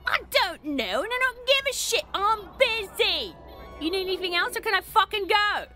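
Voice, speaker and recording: A woman's voice: very high-pitched, very animated, moderate pace, sharp tone, exaggerated voice. A woman voicing a rude, foul-mouthed alien local in a video game, talking in snappy, profane bursts. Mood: irritated. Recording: game audio with music behind.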